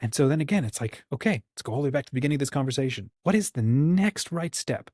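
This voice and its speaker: A man's voice: medium pitch, expressive, fast talker, darkish tone, husky, no room sound, clean studio sound. A man from the United States hosting his channel, talking casually and encouragingly, often acting out little quoted conversations. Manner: rambling, encouraging, acts out quoted dialogue. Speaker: channel host. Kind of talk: casual livestream talk.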